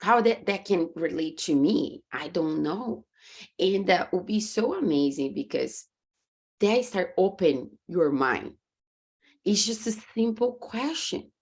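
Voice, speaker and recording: Taking her time, a woman with a fairly low, breathy-edged voice and a Brazilian Portuguese accent shares stories as a podcast guest and coach. Over a video call in a conversational interview, she is earnest and faith-driven, animatedly acting out her reactions.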